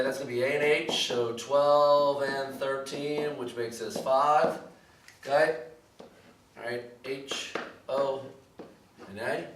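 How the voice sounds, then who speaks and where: A man's voice: mid-range voice, far from the mic. Casual male math teacher in echoey room. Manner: casual, repetitive "okay, all right" checks. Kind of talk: recorded math lesson walkthrough. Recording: echoey room, voice somewhat off-mic, clear background noise.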